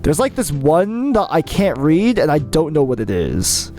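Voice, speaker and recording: A young adult live streamer chats casually with their audience in a medium-pitched voice that swings animatedly up and down. The talk is excitable, with quick restarts, and faint music plays behind it.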